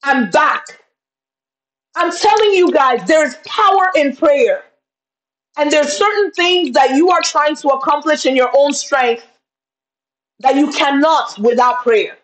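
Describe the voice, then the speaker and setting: High-voiced woman coaching with fervor. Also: takes it slowly, long pauses, fairly bright tone, rough recording. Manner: impassioned, preacherly, addresses viewers as y'all. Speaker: business coach. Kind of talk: live-streamed motivational talk. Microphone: video call webcam.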